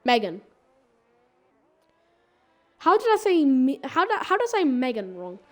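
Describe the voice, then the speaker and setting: A woman's voice: sits high, very animated, a little slow. A woman commentating a live sim racing qualifying session in a chatty, rambling way, often stumbling and correcting herself. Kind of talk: live esports race commentary.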